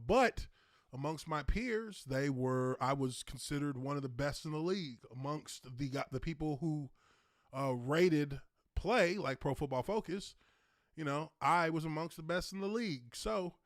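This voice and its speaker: A fairly high-voiced man in his thirties, talking into a close, dry desk mic at home. He hosts a casual livestream Q&A and tells his stories in an animated way, with bursts of laughter, loud exclamations and some swearing. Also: no room sound. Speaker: livestream host, former NFL lineman.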